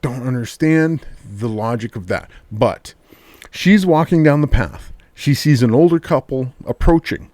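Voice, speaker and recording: A man chatting casually, telling stories with lively changes of voice. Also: mid-range voice, measured pace, no room sound. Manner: animated storyteller, acts out quotes. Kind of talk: casual chat.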